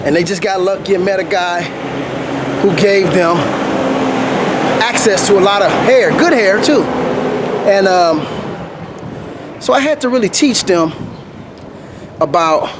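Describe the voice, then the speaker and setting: A man with a fairly high voice talks through his story in a loose, animated vlog, acting out what people told him. He is walking uphill outside and sounds a little winded. Faint traffic hums behind him. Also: unhurried, long pauses. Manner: animated, laughs often, acts out what people said. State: slightly out of breath. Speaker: vlogger. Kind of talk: casual storytelling monologue.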